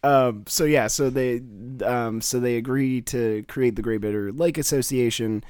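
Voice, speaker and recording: A man's voice: mid-range voice, a little slow, a little mellow, clear, resonant tone, dry recording, studio quality. A man in a casual podcast chat, talking hesitantly with many ums and likes. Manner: hesitant, filler-heavy.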